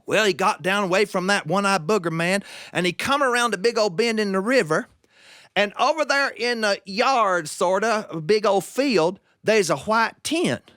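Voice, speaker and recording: A man's voice: high-pitched, moderate pace, sharp tone, dry recording, clean studio sound. A man telling a folk tale in a folksy, drawling dialect. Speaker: storyteller.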